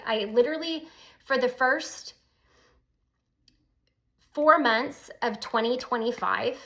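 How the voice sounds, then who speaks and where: Woman, somewhat high voice, casual storytelling, emphatic, animated. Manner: animated, emphatic, with Southern "y'all". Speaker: guest telling her illness story.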